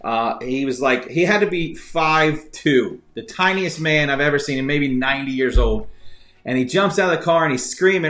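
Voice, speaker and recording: A man's voice: a little high, expressive, moderate pace, fairly bright tone. A man hosting a live-streamed trivia game show who tells stories in a rambling, chatty way with many fillers and restarts. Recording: echoey room with faint music.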